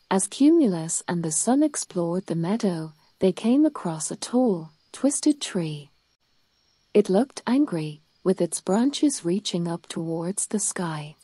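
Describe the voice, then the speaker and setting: A woman reading a children's bedtime story aloud in a calm, soothing way. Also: on the low side, takes it slowly, breathy edge, no echo.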